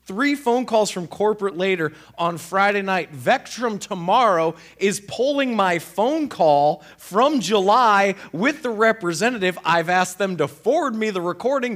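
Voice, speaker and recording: A man with a somewhat high voice recounts a story in a lively, swooping delivery. He sounds exasperated and sarcastic as he talks. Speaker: speaker telling a personal story. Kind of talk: conversational storytelling.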